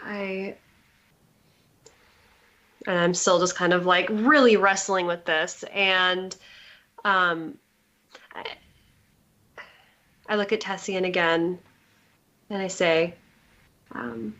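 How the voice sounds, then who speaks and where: A woman's voice: fairly low pitch, fairly even intonation, takes it slowly, pauses often, pushed and bright, highs cut off. A woman playing a character in a tabletop game, speaking hesitantly with many restarts as she describes her character's actions. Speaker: player.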